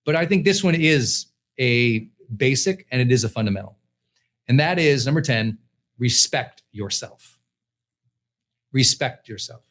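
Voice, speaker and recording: A man's voice: medium pitch, lively intonation, normal speed, fairly bright tone. A middle-aged man, a personal development coach, giving an emphatic motivational class lecture and repeating his key points.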